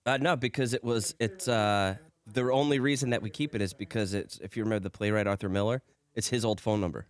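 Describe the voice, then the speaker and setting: A low-voiced man from the radio crew rattles off explanations with dry humor. His speech is quick and the studio sound is dry. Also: steady tone, no echo. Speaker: radio show crew member. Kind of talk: casual studio banter.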